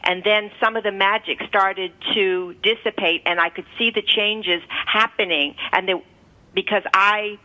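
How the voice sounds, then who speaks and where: A woman's voice: mid-range voice, steady tone, unhurried. Canadian woman recalling, muffled radio sound. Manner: reflective, hesitant with restarts. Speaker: co-host, former stock trader. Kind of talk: casual radio talk. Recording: dull lo-fi radio audio.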